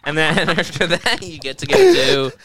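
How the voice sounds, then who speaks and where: A man's voice: fairly high pitch, wildly swooping pitch, moderate pace, sharp tone. A young man co-hosting a casual podcast, ranting in a rambling, profane, mocking way. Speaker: podcast co-host. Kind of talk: casual rant.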